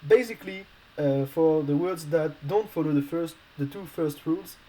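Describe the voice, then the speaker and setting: Hesitant, mellow-voiced male language teacher. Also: on the high side, normal speed, poor audio. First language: not English. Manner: hesitant, many fillers and restarts. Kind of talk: explaining a grammar lesson.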